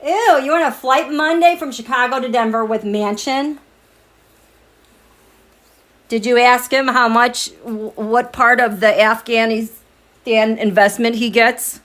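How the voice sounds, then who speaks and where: This is a woman with a fairly high voice running a casual tarot livestream from home late at night. She talks to her viewers in a chatty, animated way, laughs often, and reads their comments aloud. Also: normal speed.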